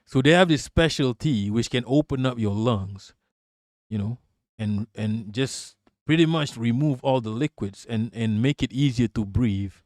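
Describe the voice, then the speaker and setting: A man from Malaysia hosting a livestream, telling stories in an animated, swearing, casual way. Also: medium pitch, a little slow, dry recording, studio quality. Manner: animated, profane storytelling. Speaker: livestream host.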